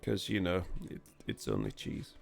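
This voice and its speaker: A man's voice: sits low, sing-song, normal speed, creaky, faint music behind. A man with a northern English accent, narrating a tabletop game as game master in a chatty, self-deprecating way, close to the mic.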